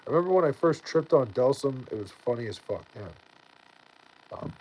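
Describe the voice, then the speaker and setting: Late at night, a man livestreams and reads his chat, rambling tiredly with lots of fillers and restarts as bedtime nears. His medium-pitched voice is a little mellow yet animated and brisk. The recording is rough, with slight background noise.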